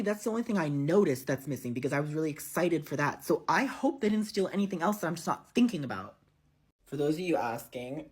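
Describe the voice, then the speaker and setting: A young man vlogging casually, telling a travel mishap in a dramatic, exasperated way, swearing and squealing when indignant. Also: high voice. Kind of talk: casual vlog storytelling.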